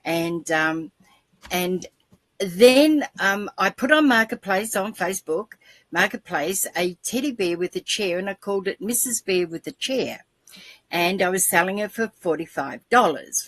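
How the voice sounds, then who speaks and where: Animated woman in her seventies. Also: dry recording. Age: 70s. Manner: animated storyteller, acts out voices with big pitch jumps. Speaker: guest, podcaster. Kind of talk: casual storytelling on a video call show.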